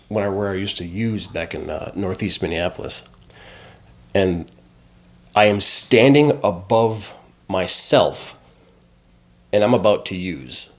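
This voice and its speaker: Casting: a lowish-voiced man, animated storyteller with lots of ums and restarts. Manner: animated, acts out dialogue, frequent fillers. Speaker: guest sharing recovery experience. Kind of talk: conversational storytelling.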